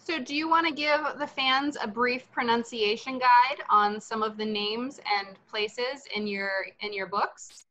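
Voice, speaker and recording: A woman's voice: fairly high pitch, unhurried, few pauses, sharp tone, slight background noise. A woman hosting a virtual bookstore event, prompting the authors with friendly questions. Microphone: video call mic. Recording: dull lo-fi video call audio.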